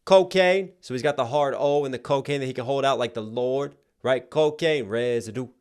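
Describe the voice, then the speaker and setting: A man's voice: medium pitch, fairly even intonation, a little fast, smooth. A man talking casually as he breaks down rap lyrics, explaining each point and often checking in with "right?". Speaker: rapper reacting to a song. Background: song playing faintly underneath.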